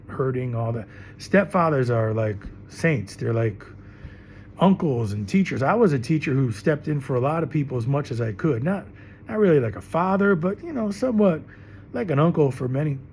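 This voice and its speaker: With a darkish voice on the high side, a middle-aged man teaches to camera in a fervent, meandering monologue. He stresses his points hard and frequently circles back over the same ground. There is slight background noise.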